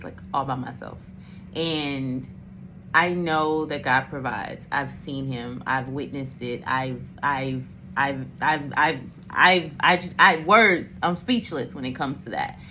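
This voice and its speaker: A woman's voice: sits low, slow, bright, forceful tone, a little hiss or hum. A middle-aged woman hosting a casual reflective talk, telling candid stories and acting out quoted voices. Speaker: host.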